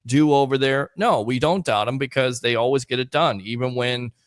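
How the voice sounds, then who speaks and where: A man's voice: mid-range voice, normal speed, no room sound, studio quality. Upbeat male sports radio host. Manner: upbeat, reads out phone number and sponsor plug. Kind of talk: sports call-in show banter.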